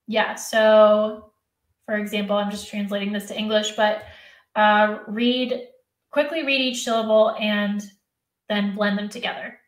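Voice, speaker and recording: A woman's voice: medium pitch, little pitch movement, measured pace, roomy sound. A woman hosting a live teacher workshop, answering chat questions by name in a chatty, self-correcting way, and she is losing her voice.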